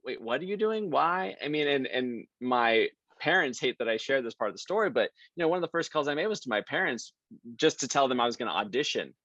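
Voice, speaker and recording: A man's voice: mid-range voice, quick pace, no room sound, muffled recording. A man guesting on a podcast, chatting casually and acting out the people in his stories. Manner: lively storyteller, acts out quoted people. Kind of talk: casual interview chat.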